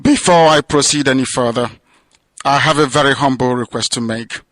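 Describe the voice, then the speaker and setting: A man's voice: medium pitch, moderate pace, a bit bright, no room sound, rough recording. A man delivering an impassioned radio address, declamatory and building to fervent crescendos. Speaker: radio broadcaster. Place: prison release, speaking from abroad.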